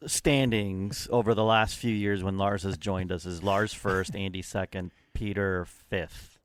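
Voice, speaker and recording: A man's voice: low-pitched, fairly even intonation, measured pace, clean tone, no room sound. Dry, teasing man on a podcast. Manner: dry, teasing, matter-of-fact. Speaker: podcast co-host. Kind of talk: casual chat.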